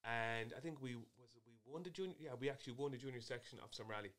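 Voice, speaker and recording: A man's voice: mid-range voice, fast talker, a bit bright. A man co-hosting a casual rally chat, teasing his co-host and recalling his own navigating days with enthusiasm.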